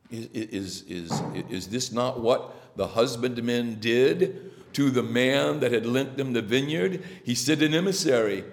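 A man preaching a sermon, halting and repeating himself now and then, with a slow, musing delivery. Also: medium pitch, lively intonation. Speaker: priest. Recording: long hall reverb.

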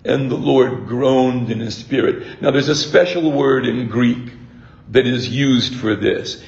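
An older man preaching a sermon as a priest, reflective and halting, often restarting his words. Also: mid-range voice, gravelly, roomy sound, lo-fi sound.

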